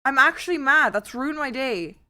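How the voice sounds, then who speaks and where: A young woman streaming live, chatting casually and cursing freely, given to loud rants. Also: sits high, animated, normal speed. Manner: foul-mouthed, swings into loud ranting outbursts.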